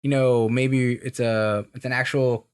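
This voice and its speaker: A man's voice: medium pitch, level tone, measured pace, smooth. A man co-hosting a casual podcast, rambling and stopping to search for words. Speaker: podcast co-host.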